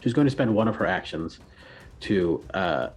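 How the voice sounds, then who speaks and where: Game master guy narrating, kinda low voice, lots of uhs, easygoing. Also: soft background music. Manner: relaxed, with frequent filler pauses.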